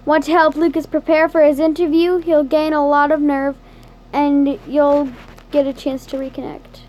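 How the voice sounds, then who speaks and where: A woman narrating a second-person interactive story in a soft, unhurried storytelling manner. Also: sits high, little pitch movement.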